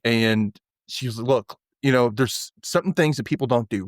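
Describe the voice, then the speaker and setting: Man, podcast host, casual TV recap, does character voices, mid pitch, dry close sound. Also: normal speed, no room sound. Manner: acts out character lines in voices.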